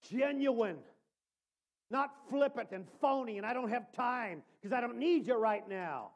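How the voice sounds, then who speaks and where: A man preaching a sermon in a notably high voice. He calls out to listeners as brother. He drops to near-murmured asides, then rises to shouted emphasis. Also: measured pace. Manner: swings between quiet asides and shouted emphasis; addresses listeners by name as brother.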